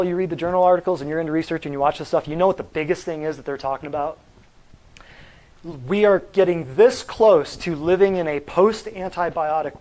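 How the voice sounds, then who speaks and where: A man delivers a natural health lecture to a class in a classroom. His voice sits a little high, and he talks in an animated, preachy way. He keeps throwing rhetorical questions at his listeners. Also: poor audio.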